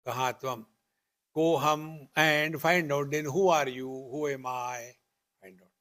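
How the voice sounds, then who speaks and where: Slow, deliberate older Indian man teaching. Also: fairly high pitch, steady tone, a bit bright. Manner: slow, deliberate, repetitive teaching with rhetorical questions. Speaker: spiritual teacher. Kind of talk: spiritual discourse.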